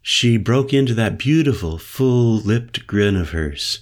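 A man narrating an audiobook in the first person, measured and unhurried. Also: lowish voice, expressive.

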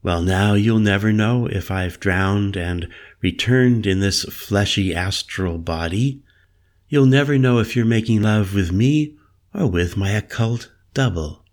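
Soft-spoken mystical woman, read by a man: playful, slow, lifted a little in pitch. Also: lightly acted. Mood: teasing. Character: mysterious, teasing woman shaman.

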